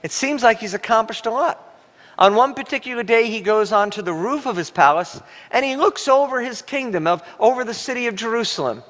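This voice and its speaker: A man pastor preaching a sermon, telling stories animatedly and breaking into a coughing fit now and then. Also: brisk. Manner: animated storytelling, voice rising high when quoting himself. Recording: long hall reverb.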